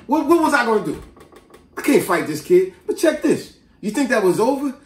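A man tells a story in an animated, slangy way, his fairly high voice swooping up and down a lot. The sound is roomy and echoing, with the mic set some way off. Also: normal speed, far from the mic, a little hiss or hum. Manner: animated, street-slang storyteller who breaks into asides and acted quotes. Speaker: vlogger. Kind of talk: casual storytelling to camera.

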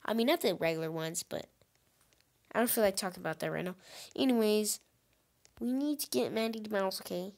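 A woman hosting a gaming channel, giving excitable let's-play commentary and talking straight to her viewers with frequent exclamations. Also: mid-range voice, brisk, pauses often, soft background music.

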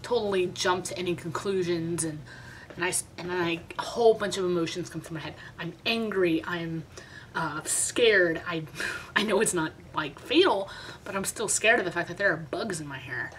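A woman's voice: on the low side, normal speed, fairly bright tone, slight background noise, low-quality recording. A young woman vlogger telling a story in a chatty, dramatic, self-mocking way. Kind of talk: casual storytime vlog.

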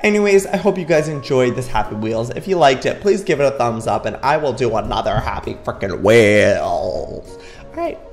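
A young man giving excitable, exclamatory commentary while playing a video game. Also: medium pitch, moderate pace, soft background music. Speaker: gaming YouTuber.

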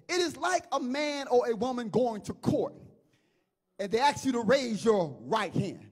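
A man's voice: very high voice, sing-song, a little slow, husky. A middle-aged male pastor preaching a sermon with a chanting call-and-response delivery.

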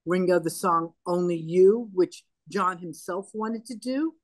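A woman's voice: lowish voice, unhurried, dry recording. An older woman as an interview guest, retelling past events in a conversational, anecdotal way and acting out the dialogue. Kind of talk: conversational storytelling.

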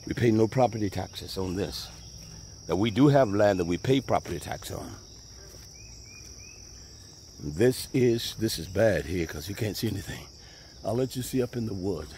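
Walking by a pond, a man shows off his land in a casual, folksy tour, speaking Southern US English at a moderate pace with frequent pauses. His voice is on the low side, warm, with lively intonation, and birds and insects chirp amid faint outdoor noise.

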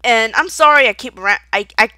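A woman's voice: a little high, brisk, bright, forceful tone, no room sound. A young woman in an unscripted rant, angry and profane, rambling with stutters and restarts. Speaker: video creator.

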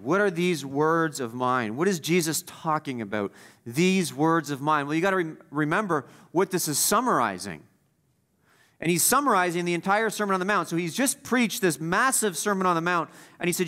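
A man preaching a sermon as the pastor, emphatic, repeating key phrases and swinging between loud stresses and quiet asides. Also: a little high, animated, a little fast.

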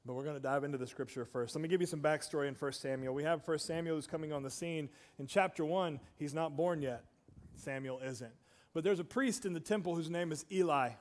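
A man's voice: on the high side, brisk, long reverb tail. A man preaching a sermon in a church, conversational, with asides to the congregation. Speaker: pastor. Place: church sanctuary.

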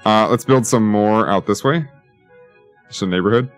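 A man's voice: fairly low pitch, moderate pace, faint music behind. A man giving casual, rambling let's-play commentary, joking and talking to himself as he builds. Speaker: gaming YouTuber.

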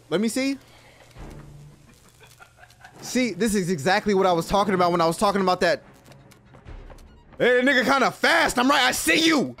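A man giving excitable, profane let's-play commentary as he plays a game, yelping and shouting when startled. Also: high voice. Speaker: gaming video host.

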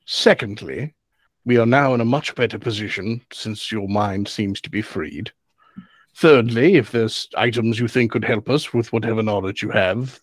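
A man playing a tabletop game who speaks in a measured way, laying out his points in order. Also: fairly low pitch, no room sound. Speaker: player. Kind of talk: casual tabletop play.

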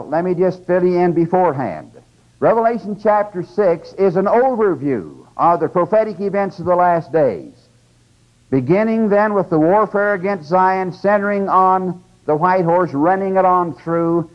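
A man giving a conversational, emphatic scripture lecture to a class, often checking in with his listeners. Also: high-pitched. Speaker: religious lecturer. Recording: dull lo-fi 1980s lecture tape.

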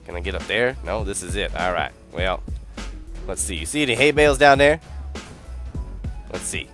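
A man voicing a foul-mouthed, drug-addled wasteland junkie with excitable, rambling, profane game commentary. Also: sits low, normal speed, faint music behind, pitched below the performer's own voice. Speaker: game streamer. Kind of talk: role-play game commentary.

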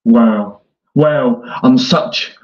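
A man delivering a mocking parody rant in a sarcastic, taunting way, swinging between whiny and gruff. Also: mid-range voice, very slow, darkish tone. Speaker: online troll. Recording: echoey dull lo-fi room.

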